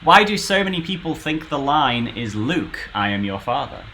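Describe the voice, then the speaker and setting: A man's voice: medium pitch, big pitch swings, normal speed, pushed and bright, a little hiss or hum. A man co-hosting a casual live stream, reading out listener questions and cracking dry jokes.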